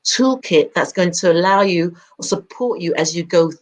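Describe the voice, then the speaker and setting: A woman's voice: on the low side, normal speed. A woman talking in a radio chat, reflective and encouraging as she shares personal experience. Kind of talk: casual chat.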